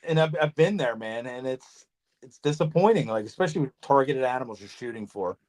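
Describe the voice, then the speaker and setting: A man hosting a casual podcast chat, telling animated stories, swearing freely and acting out conversations. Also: medium pitch, a little fast. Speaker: podcast host, snake breeder.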